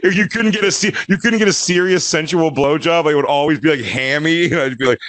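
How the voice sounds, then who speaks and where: A man co-hosting a casual comedy podcast, joking crudely and laughing through quick bursts of talk. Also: on the high side, fairly bright tone. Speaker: comedian co-host.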